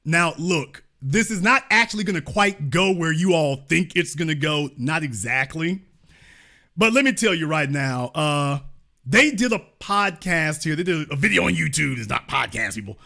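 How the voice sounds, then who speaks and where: A man's voice: a little high, expressive, moderate pace, gravelly, sharp tone. A middle-aged man hosting an online show, giving sarcastic political commentary full of mocking, theatrical rhetorical questions.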